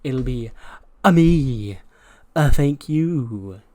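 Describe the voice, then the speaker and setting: A man's voice: mid-range voice, expressive, drawn-out words, darkish tone, pitched above the performer's own voice. A man voicing a pompous, boastful male wrestler who calls himself a master genius and shushes everyone. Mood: smug boasting. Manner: pompous, shushes others, odd grammar.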